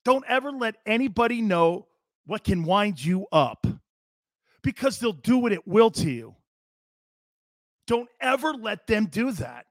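A man's voice: high-pitched, sing-song, unhurried, long pauses, dry recording, studio quality. A man in his fifties hosting a live sports talk show, ranting in a brash, sarcastic and blunt way.

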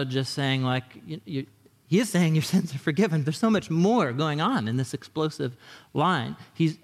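A man preaching a sermon in a conversational, animated way, with frequent restarts, in a church sanctuary. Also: fairly high pitch. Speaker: pastor. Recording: long reverb in a large hall.

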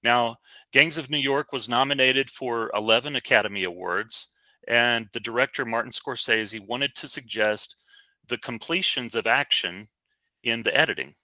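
A man co-hosts a casual podcast reviewing a movie, speaking at a normal speed in a medium-pitched, sharp-toned voice with no echo. He talks in a chatty, rambling way, full of fillers and restarts.

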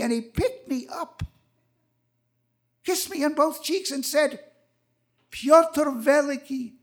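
A man in his eighties telling a personal story on stage at a live event, vivid and acting out the people in it. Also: extremely high pitch. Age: 80s.

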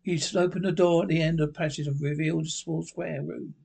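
A man's voice: fairly high pitch, steady tone, a little fast, creaky, darkish tone, slightly rough. Man reading a ghost story aloud. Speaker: narrator.

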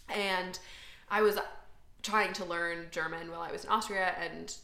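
Chatty American woman with a gravelly edge. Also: fairly low pitch, steady tone, normal speed, bright, forceful tone. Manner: chatty, self-deprecating, many fillers. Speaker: podcast co-host. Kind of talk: casual chat. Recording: echoey room.

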